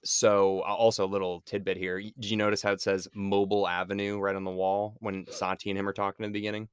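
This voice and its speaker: Animated low-pitched podcast co-host, a man. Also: fast, clean tone, no echo, clean studio sound. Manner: animated, acts out quotes, swears casually. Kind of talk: casual movie discussion.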